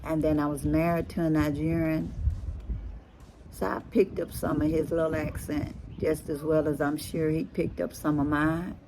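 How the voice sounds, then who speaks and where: A middle-aged woman from Texas with a Creole accent that blends Louisiana and Galveston, chatting casually to her viewers in an unhurried, drawn-out way and calling them "y'all". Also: low voice, level tone, warm tone, a little hiss or hum. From Texas, USA. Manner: slow, drawn-out talk, often saying "y'all". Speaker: vlogger. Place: rooftop outdoors.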